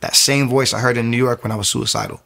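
Man telling his testimony in quick bursts. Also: steady tone, vocal fry. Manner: fast, rambling storytelling with frequent restarts; surges louder and higher at emotional peaks. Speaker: speaker giving a personal faith testimony. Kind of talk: spoken personal testimony.

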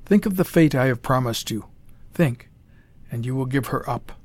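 A man voicing a cheerful, cruel male mad scientist who talks in a smooth, calm, condescending way. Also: medium pitch, normal speed, no echo. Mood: coolly threatening.

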